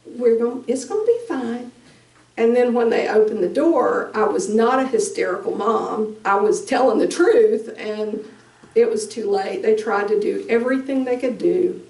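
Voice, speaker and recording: A middle-aged woman giving a halting, emotional personal testimony as a bereaved mother at a conference. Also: fairly high pitch, gravelly, a little mellow. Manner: slow, halting, emotional storytelling. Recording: echoey room, distant mic.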